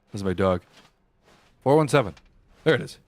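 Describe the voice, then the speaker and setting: A man with a lowish voice streams a video game, offering casual live commentary in an animated yet unhurried, laid-back way. He jokes around and mutters to himself as he plays, with slight background noise in the recording.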